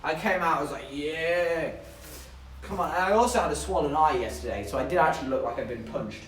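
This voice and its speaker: A man's voice: fairly high pitch, very fast, fairly bright tone, far from the mic. A young man from southern England chatting casually to his livestream chat, telling stories with giggles along the way. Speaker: streamer. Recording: echoey room, voice a bit off-mic.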